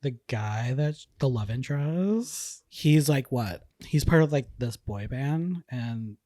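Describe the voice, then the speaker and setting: Very deep-voiced young woman, lively. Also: slow pace, no echo, studio quality. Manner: laughs often, jokey asides. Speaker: podcast co-host. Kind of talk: casual film review chat.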